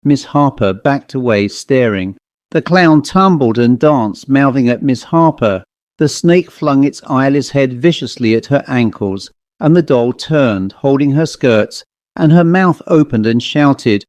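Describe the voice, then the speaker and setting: Man, narrator, measured dramatic storytelling, dry studio recording. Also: mid-range voice, animated, a little mellow, no echo. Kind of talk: audiobook narration of a horror story.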